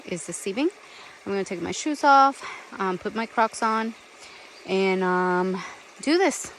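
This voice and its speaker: Slow-talking woman hiking vlogger outdoors. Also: medium pitch, lively intonation, a bit bright, slight background noise. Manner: chatty, easily delighted narration to camera. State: out of breath while climbing. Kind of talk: casual trail vlog. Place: outdoors on a mountain trail.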